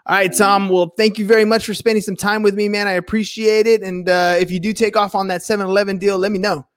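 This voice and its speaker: A man hosting a casual business podcast, lively and joking as he chats with his guest. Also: high voice, fast, clear, resonant tone. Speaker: podcast host. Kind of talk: casual interview chat.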